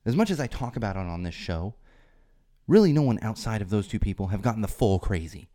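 A man hosts a solo podcast in a low, mellow voice, recorded dry and close. He rambles, restarts and fills gaps with "uh", then gets more emphatic and raised when he drives a point home. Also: expressive, fast talker, no room sound. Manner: rambling, with frequent restarts and fillers. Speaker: podcast host.

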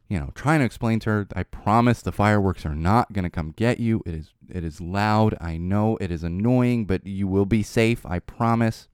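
Casual podcast host, low smooth voice, animated delivery with frequent laughs. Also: male voice, no echo, clean studio sound. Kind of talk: casual monologue.

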